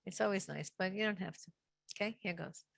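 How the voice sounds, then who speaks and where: A middle-aged woman teaching a Torah class on a video call, chatty and warm, greeting each listener by name. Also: medium pitch, creaky, dry recording. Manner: reads Hebrew verses slowly for others to repeat.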